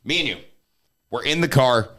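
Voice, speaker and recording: A man's voice: mid-range voice, normal speed. A male comedian guest in casual podcast chat, telling stories with lots of laughter and swearing. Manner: animated storyteller, laughs often; swears freely.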